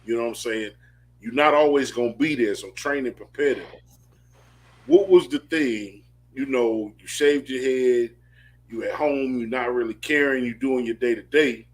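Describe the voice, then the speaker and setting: A male host with a mid-range pitch leads a relaxed interview. He talks in a measured way and turns to the audience to give them advice. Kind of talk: casual interview.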